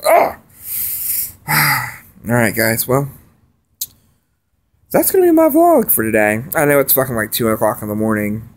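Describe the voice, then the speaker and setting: A man venting in a profane, agitated late-night vlog rant that swings between loud outbursts and quiet mutters. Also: medium pitch. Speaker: vlogger.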